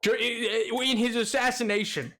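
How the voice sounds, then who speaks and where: A man's voice: very high voice, fairly even intonation, fairly bright tone. A man streaming a game, chatting casually and rambling off on tangents, often breaking into laughter. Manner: rambling and digressive, quick to laugh. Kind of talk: casual live-stream chat while gaming.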